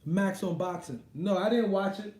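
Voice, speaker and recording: Man, live-stream host, laughing, profane, high-pitched, roomy echo. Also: normal speed, darkish tone. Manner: loose, profane, laughs often. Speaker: boxing livestream host. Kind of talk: casual live-stream chat. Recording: echoey room.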